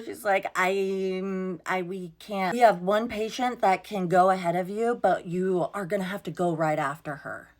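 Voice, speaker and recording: A woman's voice: medium pitch, normal speed. A young woman telling a storytime vlog in a casual, exasperated way, swearing freely and acting out what everyone said. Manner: exasperated, swears freely, quotes herself and others.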